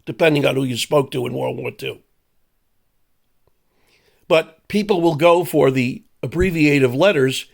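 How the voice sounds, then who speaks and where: Older male commentator, profane sarcastic rant, somewhat high-pitched. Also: creaky. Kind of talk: ranting monologue.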